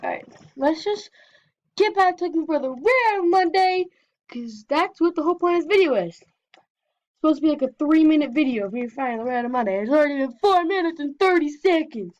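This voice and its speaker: A young woman gives casual, chatty commentary while she plays an online game. Her voice sits high and bright. The recording is dull and a bit lo-fi. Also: expressive, brisk. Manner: chatty, reads game text aloud. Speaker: gameplay vlogger. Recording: dull lo-fi sound.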